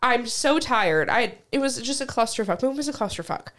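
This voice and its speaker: A woman talks in a loose, venting chat, her voice sitting a little high. She is blunt and quick to curse, and she leans on fillers as she rants. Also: animated, fairly bright tone. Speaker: podcast co-host. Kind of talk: casual chat.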